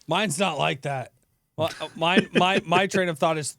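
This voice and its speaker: Animated high-voiced man telling stories. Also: moderate pace, creaky, dry recording, clean studio sound. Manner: animated, swearing, acts out his own grumbling. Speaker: podcast co-host. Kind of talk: casual comedic storytelling.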